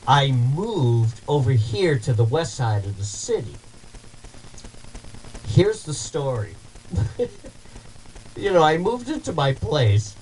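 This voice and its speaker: A man hosting a talk show, telling a story casually in a rambling, animated way and repeating himself. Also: mid-range voice, slight background noise, low-quality recording. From Massachusetts. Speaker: host.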